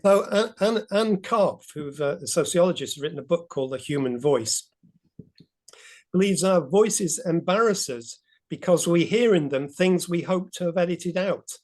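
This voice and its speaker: A man's voice: high voice, moderate pace, a little mellow. A man presenting an informal talk on a video call, chatty and meandering with light laughs.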